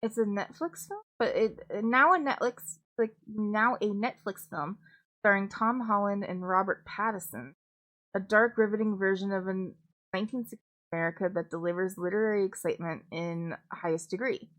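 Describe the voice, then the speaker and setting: A woman's voice: medium pitch, normal speed, a bit bright. Woman rambling through a casual stream chat. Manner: rambling, many fillers and restarts, casual swearing.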